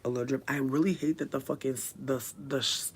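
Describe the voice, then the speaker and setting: A livestreamer chatting casually from a room at home, rambling and swearing, swinging between quiet mutters and loud bursts. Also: mid-range voice, steady tone, fast, a little hiss or hum.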